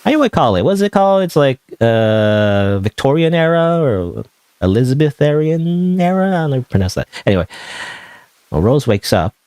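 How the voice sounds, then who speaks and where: A man's voice: mid-range voice, sing-song, moderate pace, darkish tone, dry recording. A man casually commenting on a game while streaming, rambling and often unsure of himself. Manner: rambling, unsure, self-questioning.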